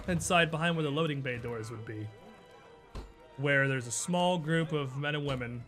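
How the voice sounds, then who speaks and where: Bright-toned male game master narrating a tabletop game over soft background music. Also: mid-range voice. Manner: descriptive, unhurried narration with fillers.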